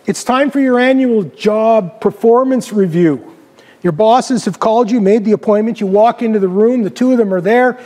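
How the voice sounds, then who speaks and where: A man preaching a storytelling sermon, dramatic, dropping his voice low for emphasis. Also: long reverb tail. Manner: dramatic, varies pitch and loudness, drops low for emphasis. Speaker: pastor.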